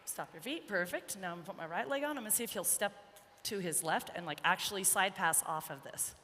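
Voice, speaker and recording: A woman horse trainer giving a live riding demonstration, chatting, joking and softly coaxing her young horse. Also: on the low side, expressive, quick pace. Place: large indoor arena. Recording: echoey arena with faint background noise.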